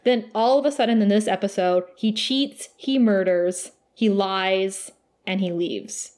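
A woman's voice: mid-range voice, a little slow, a little mellow. Emotional woman gushing over a TV episode. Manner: emotional, gushing, laughs often. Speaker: podcast co-host. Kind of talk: casual chat recapping a TV episode.

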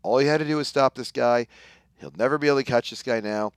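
Man, casual comics recap, dry close sound, middle pitch. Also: fast talker, clear, resonant tone, dry recording. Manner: retells the story, briefly acting out lines. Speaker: podcast co-host. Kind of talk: casual comic book discussion.

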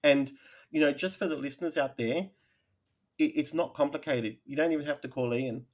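A man's voice: fairly high pitch, a little fast. Sincere man co-hosting a podcast. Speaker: podcast co-host. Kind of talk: casual chat.

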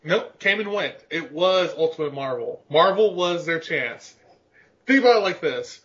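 Crude, high-voiced joking man. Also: animated, moderate pace, a bit bright, highs cut off. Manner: crude, joking, laughs often. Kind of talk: casual podcast chat.

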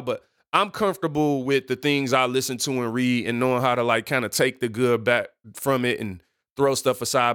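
A man hosts a solo podcast in a relaxed, rambling way, stopping to correct himself and joking on the side. His voice sits in an ordinary middle range. The sound is close and dry, with no room around it. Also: medium pitch, clean tone, no echo. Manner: rambling, self-correcting, playful asides. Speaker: podcast host. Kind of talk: casual solo podcast talk.

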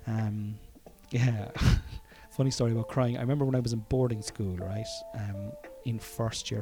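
A man's voice: mid-range voice, gravelly, warm tone. An Irish man telling a personal story in a casual monologue, frank and profane, chuckling often and wandering into asides.

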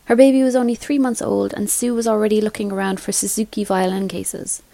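A woman reads a story aloud in a measured, clear voice at a middle pitch. The sound is dry and close, with no room around it. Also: little pitch movement, dark tone, no echo. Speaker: reader. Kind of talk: storybook reading.

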